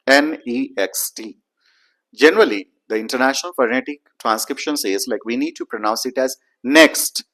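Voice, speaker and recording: A man explaining accent training, slowing down to model words and sentences. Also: mid-range voice, a bit bright. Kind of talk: pronunciation lesson.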